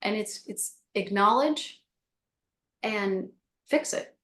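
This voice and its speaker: A woman's voice: medium pitch, takes it slowly, a bit bright. A woman guest on a call giving a casual spiritual teaching, repeating her phrases and acting out little self-talk examples. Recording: roomy echo.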